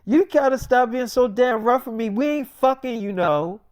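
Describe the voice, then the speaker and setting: A man's voice: sits high, fairly even intonation, takes it slowly, clean tone. A man doing a sick, whining wife. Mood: pained, whiny. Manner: complaining, profane. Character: sick pregnant wife, whiny and aching.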